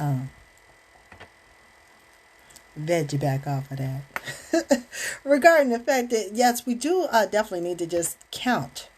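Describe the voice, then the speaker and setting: A woman's voice: low voice, a little mellow, a little hiss or hum. A woman hosting her own show, talking in a rambling, chatty way with many fillers and restarts. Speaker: host. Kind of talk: casual spoken monologue.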